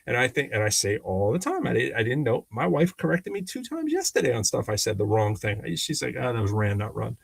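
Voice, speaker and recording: Gravelly animated man chatting. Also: mid-range voice, fairly quick, hardly any pauses, dry recording. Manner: animated storyteller, lots of restarts. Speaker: podcast co-host. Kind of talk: casual conversation.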